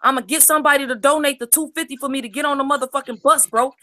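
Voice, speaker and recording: A woman voicing a hot-headed, broke young man who hides out at his grandma's and talks profanely, hushed through his teeth, in a comedic improv impression. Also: high-pitched, steady tone, rapid-fire. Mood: defiant.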